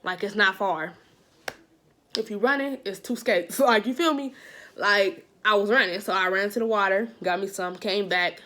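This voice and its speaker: A woman's voice: mid-range voice, moderate pace, sharp tone. A woman vlogger telling a personal story in a casual monologue, repeating phrases for emphasis and saying "like" a lot. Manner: heavy use of "like" as a filler.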